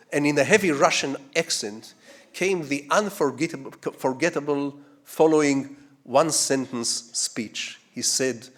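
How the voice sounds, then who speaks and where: An older Israeli man, speaking with an Israeli accent, delivers a public lecture as a guest lecturer. He tells stories that wander, poses rhetorical questions, and moves between quiet asides and loud, sweeping statements. His pitch is fairly high and his pace unhurried.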